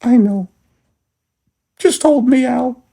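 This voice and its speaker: A man voicing Margaret, a fussy, emotional woman, in a high, melodramatic sketch voice. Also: slow, gravelly, dark tone, faint music behind, exaggerated voice. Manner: high, fluttery and melodramatic, with rising swoops.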